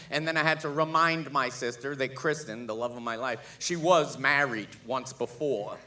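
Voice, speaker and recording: Man, stand-up comic, profane, animated, slightly high voice, bright, forceful. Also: normal speed, few pauses. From Boston, USA. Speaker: stand-up comedian. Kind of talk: live stand-up comedy. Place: live theater stage.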